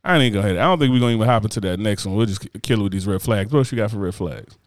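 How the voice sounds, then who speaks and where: Guy cussing his way thru a story, fast and all over the place pitch-wise, dry close sound. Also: dry recording. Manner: profane, animated ranting with mocking voices. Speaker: podcast co-host. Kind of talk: casual chat, comic storytelling.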